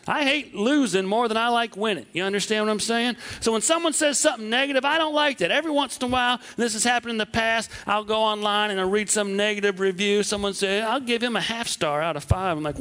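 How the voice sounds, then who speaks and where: A man from southwest Wisconsin preaching a sermon, animated and acting out the voices he quotes. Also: high voice.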